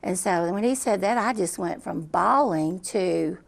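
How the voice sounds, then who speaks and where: Middle-aged woman, gravelly voice, earnest repetitive storyteller, interview guest. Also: lowish voice, unhurried. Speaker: guest telling her story.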